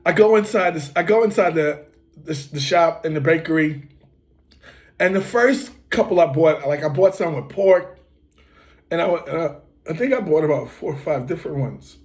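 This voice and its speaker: A man from the United States hosting, telling a relaxed, rambling story full of fillers and restarts, with occasional coughs. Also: a little high, moderate pace. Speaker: host. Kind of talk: casual storytelling.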